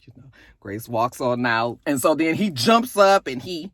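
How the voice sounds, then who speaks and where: Woman, casual show recap, lively sassy delivery, dry close sound. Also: a bass voice, unhurried, dry recording. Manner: animated, sassy storytelling with acted-out quotes.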